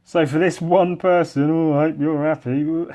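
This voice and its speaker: A man's voice: fairly high pitch, little pitch movement, unhurried, mellow. A man hosting a solo podcast, rambling in a bitter, sarcastic, self-deprecating way and swearing a lot into a podcast microphone. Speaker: podcast host.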